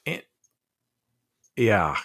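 A man in his forties, a guest telling earnest, halting stories about parenting, with frequent restarts. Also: a bit bright, dry recording, clean studio sound. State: emotional. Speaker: podcast guest. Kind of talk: reflective storytelling.

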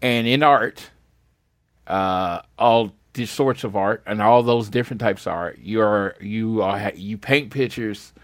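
A man co-hosting a casual wrestling podcast, speaking earnestly and in halting bursts. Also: on the low side, no echo, studio quality. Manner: earnest, halting, with many restarts. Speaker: podcast co-host.

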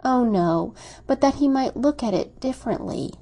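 A woman's voice: on the high side, expressive, normal speed, mellow, voice pushed up. Timid devoted young woman, tender and pleading, read by a woman.

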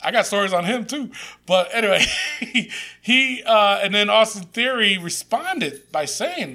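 A man co-hosting a podcast in casual chat, animated, swearing freely and laughing often. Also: high voice, a little slow. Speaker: podcast co-host.

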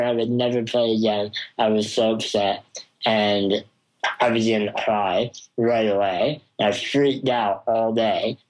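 A young man, a guest in an interview, telling a personal story slowly and thoughtfully with frequent ums. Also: on the low side, poor audio. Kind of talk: conversational storytelling.

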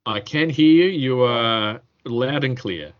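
A man's voice: medium pitch, slow pace, highs cut off. A man with an Australian accent hosting a casual podcast chat, rambling and joking with his guests. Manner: jokey, rambling, laughs often. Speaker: podcast host.

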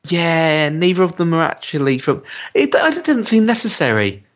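A man's voice: a little high, very animated, moderate pace, muffled recording. A man co-hosting a podcast, chatting casually and hesitantly with many ums, livening up when he jokes. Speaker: podcast co-host. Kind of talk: casual chat reviewing a TV episode.

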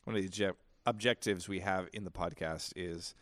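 A man co-hosting a casual podcast, talking in halting restarts with dry humor. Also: low-pitched, steady tone, a bit bright, no room sound. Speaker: podcast co-host. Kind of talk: casual chat.

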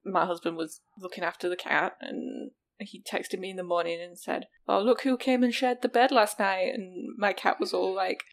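A woman's voice: medium pitch, steady tone, creaky. Sarcastic joking woman podcaster. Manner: sarcastic, swears, quick jokes. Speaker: podcast co-host. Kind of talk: casual chat.

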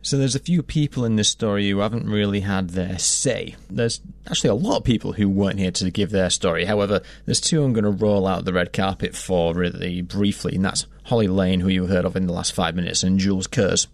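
A man with a deep, low voice narrates a documentary podcast, recorded close and dry with no room sound. He tells the story in a measured, conversational way. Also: gravelly, no echo.

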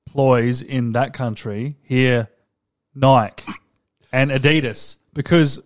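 A man's voice: medium pitch, steady tone, takes it slowly, no echo, clean studio sound. An Australian man co-hosting a podcast in casual chat, blunt and jokey, swearing freely. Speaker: podcast co-host.

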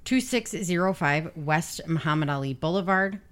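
A woman with a notably low voice chatting casually as a podcast co-host. She is blunt and swears freely, and she gets animated when she retells a story. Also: moderate pace. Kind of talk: casual chat.

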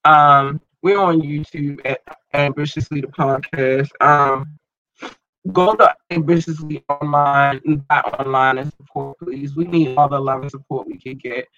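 A man hosting a podcast and online radio show, rambling casually and slangily through listener shout-outs while his eye is irritated and tearing up. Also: on the high side, fairly even intonation, unhurried, muffled recording. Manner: loose, rambling, slangy, repeats himself.

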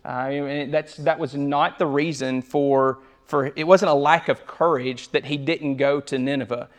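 A young man gives a sermon in a relaxed, conversational way. His voice sits a little high, and he often restarts his sentences and repeats words before moving on. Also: unhurried. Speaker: preacher.

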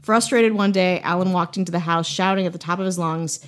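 A woman's voice: on the low side, fairly even intonation, brisk. A woman from Wisconsin hosting a podcast, telling a ghost story in a casual, playful way with joking asides. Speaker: podcast host.

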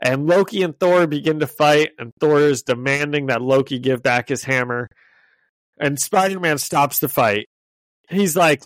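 A man co-hosting a podcast, casually recapping a kids' comic in a loose, laughing way with quick paraphrased quotes. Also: on the high side, no echo. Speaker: podcast co-host. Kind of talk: casual chat, retelling a comic.

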